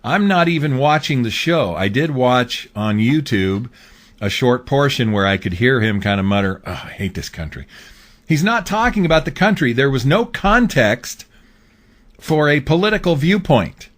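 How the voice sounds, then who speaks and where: A man's voice: medium pitch, big pitch swings, moderate pace. A man hosting his own show, talking through a political commentary monologue in a casual, rambling way with fillers. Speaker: host.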